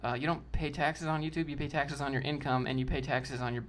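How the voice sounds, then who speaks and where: A man hosts a casual livestream and answers viewers in loose, slangy talk, calling them dude and bro. His speaking voice sits a little higher than most men's. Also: fairly even intonation, fast. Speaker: streamer answering chat.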